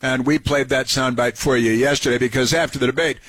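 A man's voice: mid-range voice, steady tone, fairly quick, fairly bright tone, breathy edge, no room sound. A man hosting a radio talk show, giving sarcastic political commentary, mocking and repeating phrases for emphasis. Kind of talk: political commentary over played clips.

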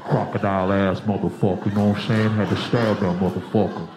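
A man's voice: lowish voice, level tone, brisk, voice pushed down, natural voice. A man voicing a tough-talking male stingray thug who boasts in profane street slang. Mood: boastful. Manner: swaggering, profane street talk. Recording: echoey with background noise.

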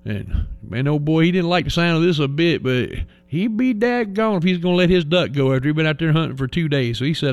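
Male host, high voice, chatty folksy storyteller with loud exclamations. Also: lively intonation, fairly quick. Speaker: radio host. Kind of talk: folksy joke-telling.

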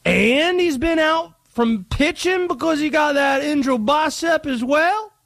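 A man voicing a high, excitable conspiracy-minded sports fan with a put-on Cajun twang. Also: a little slow, creaky, no room sound, studio quality, heavily acted. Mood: suspicious. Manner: wild, rambling, suspicious.

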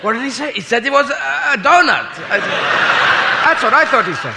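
A man's voice: very high-pitched, sing-song, a little fast, very noisy. A man with a British accent doing stand-up, rambling and self-mocking, swearing casually. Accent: British English. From Britain. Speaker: stand-up comedian. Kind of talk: stand-up routine. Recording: live show in a large hall, crowd ambience.

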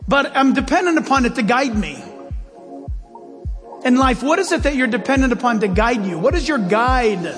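High-voiced animated male preacher, hall echo. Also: moderate pace, soft background music. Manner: animated preaching, swinging between loud high outbursts and low quiet asides. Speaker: pastor. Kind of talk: sermon. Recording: long hall reverb.

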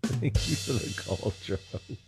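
A man's voice: mid-range voice, lively intonation, a little slow, creaky, over loud music. A male radio host taking calls, cracking jokes and laughing often. His voice rises and falls a lot. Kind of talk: call-in radio banter.

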